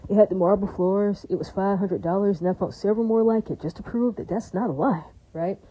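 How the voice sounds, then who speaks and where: A woman's voice: mid-range voice, a little fast, mellow, slight background noise, low-quality recording. A woman vlogging in a casual, rambling monologue, blunt and crude, with many fillers, who keeps asking her listeners "right?". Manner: chatty, keeps asking "right?" and "does that make sense?".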